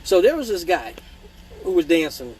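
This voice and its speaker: Guy telling wild stories on a live stream, cusses a lot, kinda high voice, got the hiccups, little hum behind him. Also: normal speed, rough recording. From Michigan. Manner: profane, animated, mimics voices in stories. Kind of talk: casual storytelling.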